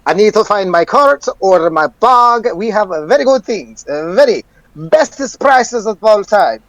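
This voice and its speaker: A man voicing a big, pushy male merchant who speaks in broken sentences and keeps repeating himself as he makes his sales pitch. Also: expressive, a little slow, a bit bright, no room sound, heavily acted. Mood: hard-selling. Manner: hard-selling, repeats "very good". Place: home, online voice call.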